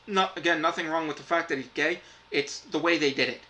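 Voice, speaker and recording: A man's voice: fairly high pitch, fairly quick, few pauses, bright, forceful tone, poor audio. Angry, foul-mouthed man ranting on camera. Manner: frustrated, swears constantly. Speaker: reviewer. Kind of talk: profane ranting review.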